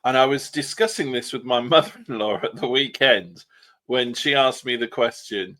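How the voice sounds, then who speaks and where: A man's voice: mid-range voice, moderate pace, pushed and bright. A man co-hosting a casual podcast chat, opinionated and wry, sometimes mimicking other people's voices. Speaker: podcast co-host.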